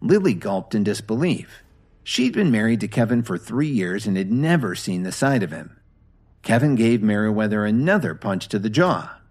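A man reads a dramatic story aloud in a low voice. His intonation swings widely. The delivery is scripted and expressive. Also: moderate pace. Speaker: narrator.

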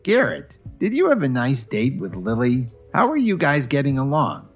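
A man's voice: mid-range voice, huge pitch swings, normal speed, husky, faint music behind, voice pushed up, exaggerated voice. A man voicing a domineering, scornful middle-aged mother who nags and talks down to people. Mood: insistent. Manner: nagging, contemptuous, loud.

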